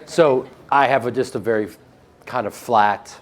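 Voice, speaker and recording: A man from the American Midwest with a flat Midwestern accent, answering interview questions about his acting work in a joking, self-mocking way. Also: medium pitch, a little slow, slight background noise. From Chicago, American Midwest. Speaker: actor being interviewed.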